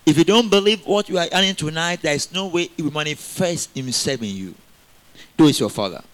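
A middle-aged man preaches a sermon, his voice bright and a little high for a man. He talks in an animated way, throws questions at the congregation and breaks into laughter often. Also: normal speed.

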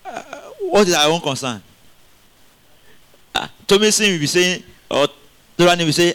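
A middle-aged man preaches a sermon, his voice bright and a little high for a man. He talks in an animated way, throws questions at the congregation and breaks into laughter often. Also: a little slow, pauses often.

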